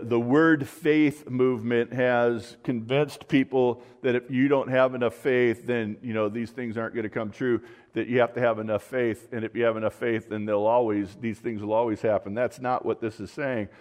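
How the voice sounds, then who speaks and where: A man's voice: medium pitch, a little mellow, big-room sound. A man preaching a conversational sermon as pastor, reading scripture and wandering into asides and restarts.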